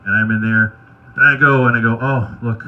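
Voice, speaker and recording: A man doing stand-up, telling wry, crude anecdotes in a deadpan way. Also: mid-range voice, fast, highs cut off. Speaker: stand-up comedian. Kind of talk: stand-up storytelling at an open mic.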